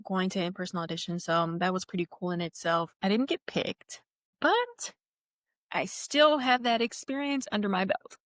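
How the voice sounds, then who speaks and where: A woman's voice: medium pitch, a bit bright, no room sound, clean studio sound. A young woman hosting her own podcast, talking in a casual, upbeat and encouraging way. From California. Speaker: podcast host. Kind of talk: casual solo podcast talk.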